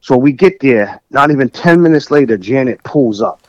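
A middle-aged music producer from New Bedford, Massachusetts, tells stories in a casual interview, animated and acting out dialogue. His mid-range voice moves at a normal speed, captured in a dry recording with the highs cut off.

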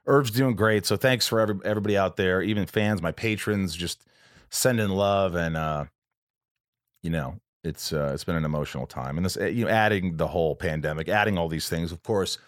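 Podcast host, male, very low voice, dry close sound, rambling and emotional. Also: dry recording. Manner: emotional, rambling, does quick voices of friends. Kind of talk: casual chat.

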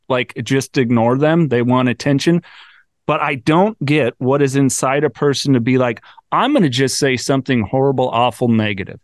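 A man hosts a podcast, chatting in a relaxed, conversational manner with easy fillers. His voice sits at an ordinary pitch and sounds dry and close on the mic. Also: no echo. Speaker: podcast host. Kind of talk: casual interview chat.

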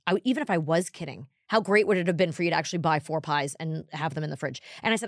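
A woman in her forties co-hosting a podcast, telling stories in a casual, animated way with bursts of exasperated emphasis. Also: low-pitched, fast talker, few pauses, no echo, clean studio sound. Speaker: podcast co-host. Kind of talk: casual chat, storytelling.

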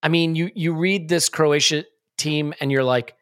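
A man with an American accent, co-hosting a casual football chat in a joking, self-mocking way with quick asides. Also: on the high side, fairly even intonation, a bit bright, smooth, no echo, clean studio sound. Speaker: podcast co-host.

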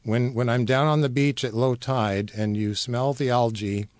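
A man guest on a radio show explaining wines in a knowledgeable, measured way with many fillers. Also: medium pitch, steady tone, darkish tone, dry recording. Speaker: wine importer guest. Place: radio studio.

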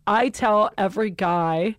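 A woman's voice: medium pitch, a little slow, no room sound, clean studio sound. A woman hosting a casual comedy podcast, blunt and giggly as she teases her guests. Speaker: podcast host.

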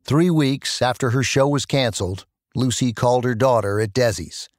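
A man giving measured, scripted documentary narration. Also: mid-range voice, no echo, studio quality, soft background music.

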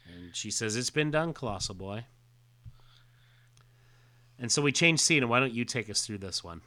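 On a laid-back podcast, this male co-host works through comic dialogue, often hesitating with fillers while reading the quotes in a plain way. His mid-range voice keeps a moderate pace and a relaxed manner.

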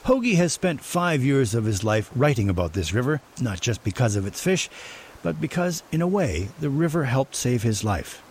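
A man reading scripted documentary narration as the reporter, in a measured storytelling way. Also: mid-range voice, very animated, background noise.

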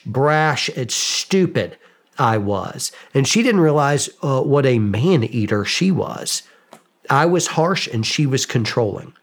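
A middle-voiced man in his forties talks casually as a guest on an interview show. He tells stories at his own expense, animated and quick, and jumps into the voices of both sides of the conversations he recounts. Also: mid-range voice. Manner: animated, self-mocking, acts out quoted exchanges. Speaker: podcast guest.

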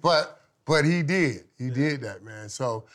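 A man telling stories as a guest, animated and laughing, swinging from loud outbursts to hushed tones. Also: medium pitch, slow. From from Saint Thomas. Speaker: guest, former football player. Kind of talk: casual storytelling.

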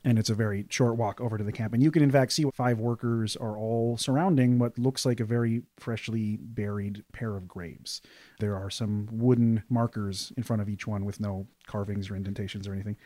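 A man narrating scenes as game master of a tabletop game, steady and descriptive. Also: lowish voice, dry recording.

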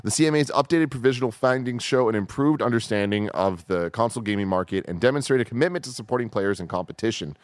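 A man's voice: medium pitch, fast talker, few pauses, dry recording. A man co-hosting a gaming news show, reading stories and chatting casually, swearing freely. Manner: relaxed, swears freely, laughs while reading.

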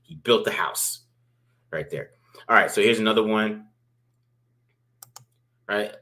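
A man's voice: fairly low pitch, slow, bright, forceful tone. A man casually breaking down football game film, rambling with many restarts and "right?" tags. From family from Baltimore.

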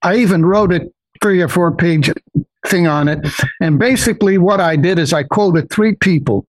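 A man's voice: high voice, normal speed, no echo, poor audio. An older man, a guest on an interview podcast, talking earnestly and full of quoted wisdom. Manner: earnest, wise-sounding, fond of quoting sayings. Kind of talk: casual interview conversation.

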